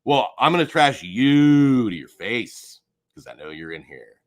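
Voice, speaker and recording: An angry man on a livestream, swearing and swinging between low mutters and shouts. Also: very animated, unhurried. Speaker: streamer. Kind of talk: heated livestream rant.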